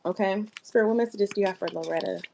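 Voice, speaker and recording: A woman's voice: mid-range voice, quick pace, gravelly, very noisy. A woman giving a casual tarot reading, chatty and emphatic, talking straight to her viewers. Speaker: tarot reader.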